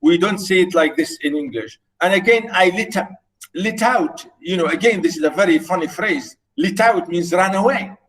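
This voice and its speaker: A middle-aged man, a native Arabic speaker, lectures a literature class online, speaking haltingly with many fillers and repeated words. His voice is high and a bit bright, and the recording is low quality.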